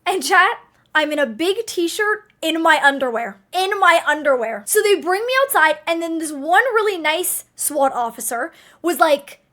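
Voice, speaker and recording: Speaking directly to her stream chat, a young woman tells a story in a relaxed, offhand manner at a moderate pace. Her voice is very high and her delivery lively, peppered with lots of cursing.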